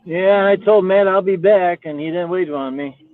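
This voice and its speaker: A man's voice: high-pitched, normal speed, soft background music. A man chatting casually while he drives, grumbling and folksy, on a phone in his car. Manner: grumbling, folksy, laughs at his own stories. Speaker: lawn care worker on a live panel. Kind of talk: casual chat while driving. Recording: tinny phone line.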